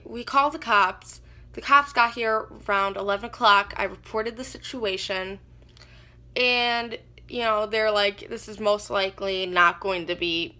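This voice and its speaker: A young woman vlogger telling a personal story in a casual, halting way, full of "like" and "you know". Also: a little high, pushed and bright.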